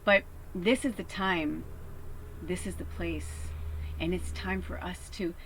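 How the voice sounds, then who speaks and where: A woman with a lowish voice gives a casual spiritual reading from her tiny home RV. She talks in a chatty, earnest way, swears casually, and sometimes sinks to a hush. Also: fairly even intonation, takes it slowly, slight background noise, low-quality recording. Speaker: spiritual reader. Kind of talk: casual collective tarot reading.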